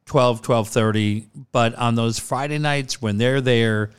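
A man's voice: mid-range voice, measured pace, clear, resonant tone. A middle-aged man with a rambling, easygoing way of talking, chatting as a guest. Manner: rambling, laughs easily. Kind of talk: casual chat.

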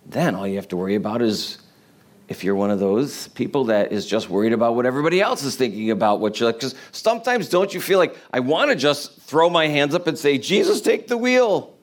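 A man's voice: mid-range voice, lively intonation, fast. A man preaching a sermon in a conversational way, asking the congregation rhetorical questions. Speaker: pastor.

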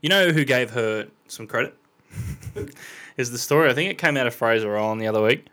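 A man's voice: mid-range voice, lively intonation, fairly quick, sharp tone. A young Australian man co-hosting a podcast in casual banter, teasing dryly and swearing often. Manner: dry teasing, frequent swearing. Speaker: podcast co-host.

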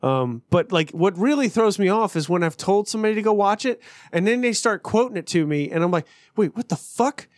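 A man's voice: high-pitched, animated, fairly quick, dry recording, studio quality. A man co-hosting a podcast in loose, profane casual chat, laughing often. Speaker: podcast co-host.

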